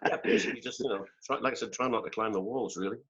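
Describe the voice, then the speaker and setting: A man's voice: fairly low pitch, rapid-fire, a bit bright. Older Northern Irish man on a call. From Northern Ireland. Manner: rambling, self-deprecating, laughs often. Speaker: guest musician. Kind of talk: casual interview over video call. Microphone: video call. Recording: dull lo-fi call audio.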